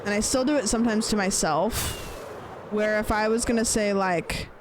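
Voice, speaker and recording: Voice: mid-range voice, moderate pace, noisy background. A streamer chatting casually while gaming, rambling and swearing, playfully repeating phrases with different stress.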